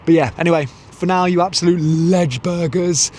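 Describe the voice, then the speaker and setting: This vlogger talks at a moderate pace in a high, steady voice with a darkish tone. Filmed outdoors and then in a parked van, he rambles casually to camera and corrects himself, over a faint hiss or hum.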